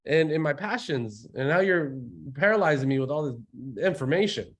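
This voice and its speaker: A man imitating an overwhelmed, hesitant young male recruit who mumbles quietly and sounds unsure. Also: fairly high pitch, lively intonation, moderate pace. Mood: frustrated.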